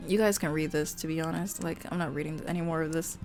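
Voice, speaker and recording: Playful woman streamer reading a romance game. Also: sits low. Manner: animated, playful, breaks off to joke with viewers. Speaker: VTuber streamer. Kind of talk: reading a romance game aloud with chatty asides.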